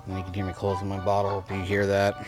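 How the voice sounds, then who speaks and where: Speaking fast in a low, completely flat voice, this man narrates his game in a loose let's-play style. His talk wanders, full of repeats and restarted sentences, over game music in the background.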